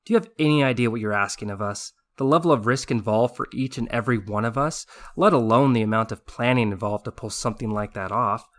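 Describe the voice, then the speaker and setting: A man voicing a serious, exasperated woman medic who talks in a brisk, scolding way. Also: medium pitch, a bit bright, close to an everyday voice.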